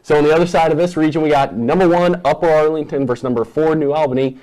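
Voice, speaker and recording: A man's voice: on the high side, fairly even intonation, quick pace, darkish tone, poor audio. Male host, casual sports talk, confident game picks. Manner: rattles off matchups and confident picks.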